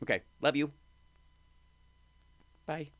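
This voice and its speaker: A man hosting a live stream, reacting to clips with wry, excitable commentary. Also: fairly high pitch, slow, dry recording. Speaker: host.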